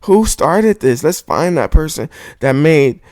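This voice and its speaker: A man with a fairly high, sing-song, somewhat mellow voice speaks a little slowly while hosting a podcast. Heated and profane, he rants into a studio microphone, pressing the same point over and over, with no echo.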